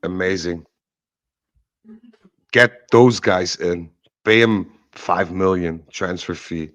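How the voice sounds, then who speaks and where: A man talks football on a podcast in a blunt and opinionated way. His voice sits on the low side, and the sound is dry and close to the mic. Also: slow, a bit bright, no echo, muffled recording. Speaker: podcast co-host. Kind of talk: casual football podcast chat.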